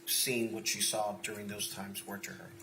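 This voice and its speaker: A man's voice: lowish voice, level tone, normal speed, vocal fry. Man questioning a witness in an echoey courtroom. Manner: formal, leading yes-or-no questions. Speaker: defense attorney. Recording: echoey courtroom with faint noise.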